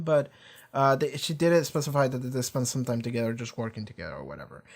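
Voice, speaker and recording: A man giving loose, unscripted reaction commentary on a TV episode, rambling with lots of fillers and the odd curse, often trailing off softer at the end of phrases. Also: mid-range voice. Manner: rambling, heavy use of "like", casual swearing. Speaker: TV series reaction streamer. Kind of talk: casual live reaction commentary.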